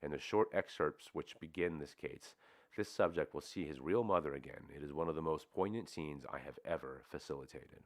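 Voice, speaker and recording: A man's voice: very deep voice, a little fast. A man reading a book aloud and adding informal commentary, sometimes correcting his slips. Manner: informal asides, occasional self-corrections. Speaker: audiobook reader.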